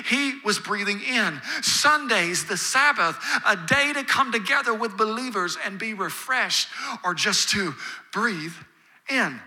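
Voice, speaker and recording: Man, pastor, sermon, high voice, builds through repeated phrases. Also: sharp tone. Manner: preaching with rising emphasis and repetition.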